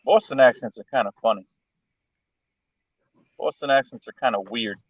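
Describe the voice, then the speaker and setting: A man's voice: mid-range voice, normal speed, no echo, lo-fi sound. A man in casual chat, joking crudely and repeating himself.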